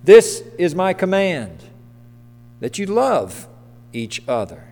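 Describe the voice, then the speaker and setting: A man gives a sermon in a church, talking plainly and often asking questions of the people in the pews. His voice sits a little high for a man. The sound has a long reverb off the walls of the hall. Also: wildly swooping pitch, slow, a little mellow. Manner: conversational, asks the congregation questions. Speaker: pastor. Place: church sanctuary.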